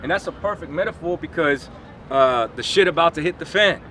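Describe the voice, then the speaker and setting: A man's voice: fairly high pitch, a little fast, a crowd in the background. A man teaching on the street in an emphatic, slangy, mocking manner. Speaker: street preacher. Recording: outdoor recording with loud traffic noise.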